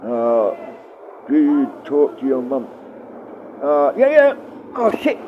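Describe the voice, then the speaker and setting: A man's voice: medium pitch, wildly swooping pitch, slow pace, dull audio, slight background noise. A middle-aged man livestreaming, rambling and swearing casually as he answers his viewers.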